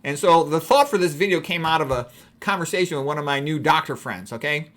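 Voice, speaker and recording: A man's voice: a little high, animated, fairly quick, a bit bright. A middle-aged man from Chicago, a doctor, talking through a casual personal monologue in a rambling, wry and frank way.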